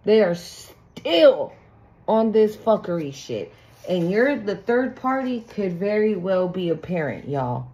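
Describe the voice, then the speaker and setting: A woman's voice: medium pitch, very animated, takes it slowly, warm tone, lo-fi sound. A woman doing a casual spiritual tarot reading, blunt and profane, acting out the people she talks about. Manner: blunt, profane, acts out quoted people in sing-song voices. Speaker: tarot reader.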